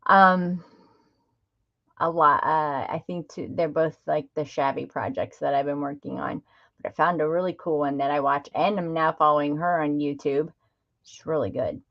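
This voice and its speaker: A woman's voice: low voice, normal speed, muffled recording. A middle-aged woman hosting a craft livestream, chatting casually and greeting viewers by name. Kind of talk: casual live-stream chat.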